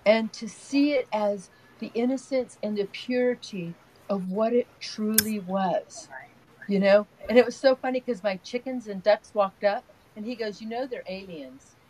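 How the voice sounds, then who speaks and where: A woman's voice: a little high, low-quality recording. An older woman, an energy healer, talking in a rambling, earnest way as an interview guest, telling long stories. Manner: rambling, storytelling, soft and earnest. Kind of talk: casual spiritual interview talk.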